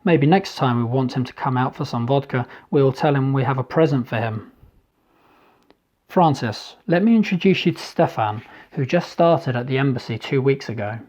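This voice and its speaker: A man's voice: mid-range voice, moderate pace, darkish tone, close to an everyday voice. A man doing a hearty Ukrainian diplomat. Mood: jovial. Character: boisterous Ukrainian embassy man, jovial.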